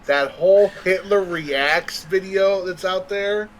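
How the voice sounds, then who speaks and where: A man's voice: high-pitched, takes it slowly, a little hiss or hum, rough recording. A man co-hosting a podcast, ranting and swearing freely. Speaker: podcast co-host. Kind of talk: casual podcast chat.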